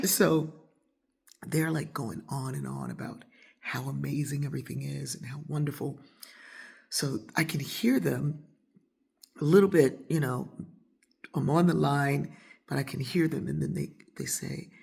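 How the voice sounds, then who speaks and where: A woman telling a casual personal story, acting out her friends' voices with whispers and sudden high squeals. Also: a little slow, vocal fry, pauses often, breathy edge. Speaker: storyteller host.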